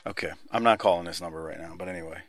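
A man's voice: low-pitched, very fast, dry recording. A man hosting a podcast, joking around, laughing easily and swearing in casual chat. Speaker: podcast host.

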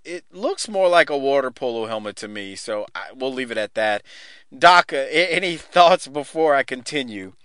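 A man hosts a loose, casual podcast, laughing often and cursing freely as he rambles through quick restarts. His voice is bright and forceful, smooth and resonant. It is recorded close and dry. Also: on the high side, no room sound. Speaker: podcast host. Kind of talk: casual podcast chat recapping a wrestling show.

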